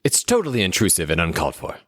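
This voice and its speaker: A young man with a very low voice narrates and plays his character in a tabletop game. He sounds exasperated and whiny, and his pitch swings widely, jumping into squeaky highs when upset. The sound is dry and close. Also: huge pitch swings, rapid-fire, a bit bright, no echo. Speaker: player.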